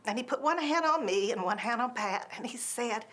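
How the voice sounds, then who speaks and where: A woman's voice: on the high side, fairly quick, few pauses, a bit bright. A woman telling a personal mission trip story, with frequent ums and acted-out voices in quotes.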